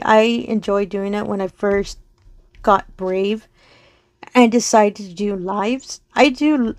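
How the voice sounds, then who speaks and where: A woman chatting casually while diamond painting on her craft channel, her voice going soft and slow as she focuses, with frequent giggles. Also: a little high, no room sound. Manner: giggles often between remarks. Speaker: crafting vlogger.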